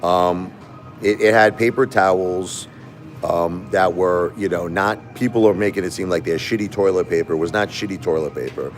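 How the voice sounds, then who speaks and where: An aggrieved man talks straight to his live-stream viewers in a casual monologue. He repeats himself and keeps asking them rhetorical questions. His voice sits fairly low, and faint music plays behind him. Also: normal speed.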